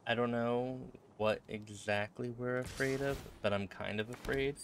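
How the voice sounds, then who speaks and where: A man's voice: mid-range voice, steady tone, a little slow. A man casually commenting on his own card game play with wry, muttered reactions. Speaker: streamer playing a card game. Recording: audible background noise.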